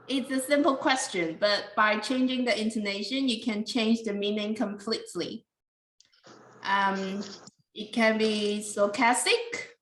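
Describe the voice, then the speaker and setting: A woman's voice: medium pitch, steady tone, a little slow, a bit bright, echoey room, a little hiss or hum, rough recording. A woman teaching an English pronunciation class, patiently explaining and calling on students by name.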